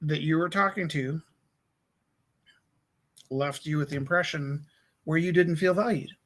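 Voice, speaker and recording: Bright-voiced joking male stream host. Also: fairly high pitch, unhurried. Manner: joking storyteller who acts out little dialogues. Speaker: host of a live art stream. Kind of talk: casual chat.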